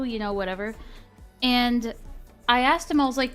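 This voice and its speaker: A woman's voice: a little high, takes it slowly, long pauses, soft background music. A woman streamer casually retelling an argument, acting out both sides of the dialogue with lots of fillers. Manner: animated retelling with quoted dialogue and frequent fillers. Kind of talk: casual storytelling chat.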